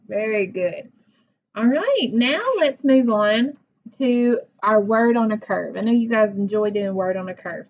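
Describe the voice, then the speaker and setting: A woman teacher leading a phonics lesson for young children. She talks slowly and patiently, sounding out words and praising each answer. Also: medium pitch. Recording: dull lo-fi recording.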